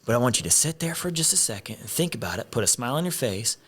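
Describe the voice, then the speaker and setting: A man's voice: mid-range voice, very animated, fast talker, noisy background, voice pushed up, lightly acted. A man doing a cheerful old Southern speaker. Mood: coaxing. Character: older Southern male motivational speaker, cheerful.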